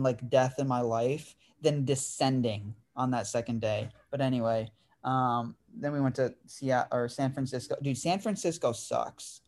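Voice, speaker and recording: A man in his 20s hosts a podcast, casually telling a story and saying "dude" and "like" a lot. His voice is medium in pitch with a darkish tone.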